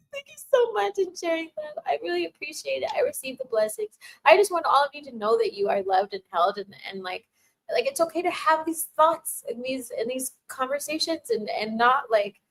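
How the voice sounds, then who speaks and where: This woman's voice sits high, sing-song and a bit creaky, at a normal speed. Hosting a casual live Q&A, she reads chat aloud, thanks viewers warmly, laughs frequently, and stumbles through many restarts and fillers. The recording is rough.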